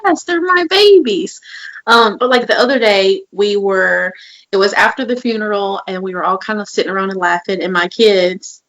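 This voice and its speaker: A woman's voice: medium pitch, lively intonation, normal speed, fairly bright tone, poor audio. A woman co-hosting a podcast in casual chat, telling candid, emotional stories. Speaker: podcast co-host.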